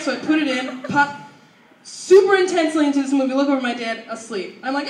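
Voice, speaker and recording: A young woman doing an animated stand-up set at an open mic, acting out her family. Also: high voice, brisk. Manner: animated, acts out family members. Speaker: stand-up comedian. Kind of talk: stand-up comedy storytelling. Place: open mic at a university venue. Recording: echoey room from far, faint noise.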